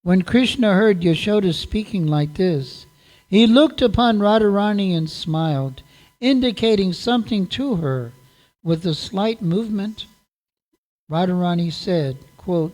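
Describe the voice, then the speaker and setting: A man tells a devotional story during a sermon. His pace is very slow and unhurried, and his tone is mellow and soft. He leaves long pauses between phrases. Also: high-pitched, animated. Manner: slow, deliberate narration. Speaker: monk telling a devotional story.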